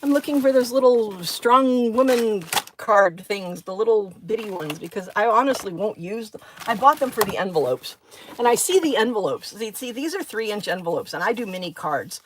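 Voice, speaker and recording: A woman talks her way through a home crafting live stream in a loose, rambling chat, thanking viewers by name and wandering off into side thoughts before finding her way back. Her voice sits at an ordinary middle pitch. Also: animated, normal speed, noisy background.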